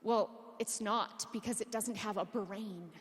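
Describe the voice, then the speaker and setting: A woman voicing a calm, matter-of-fact male philosophy professor who explains in a flat, patient way, in a reverberant hall. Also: medium pitch, measured pace, voice pushed down, lightly acted. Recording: long reverb of a conference hall.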